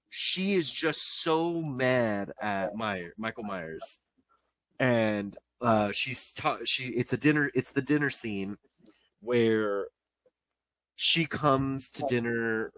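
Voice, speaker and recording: Man, podcast co-host, mid-pitched, dry close mic, rambling and emotional, swears freely. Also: fairly bright tone, dry recording, rough recording. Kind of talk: casual chat.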